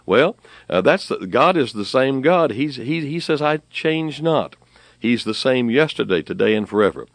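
A man's voice: medium pitch, sing-song, normal speed, no echo. A middle-aged man preaching a sermon on the radio, emphatic and repeating phrases for stress.

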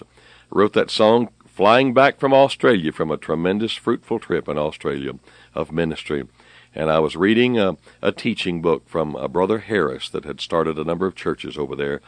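A man's voice: low-pitched, no echo. Emphatic male radio preacher, dry sound. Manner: emphatic, repeats phrases for stress. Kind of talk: sermon.

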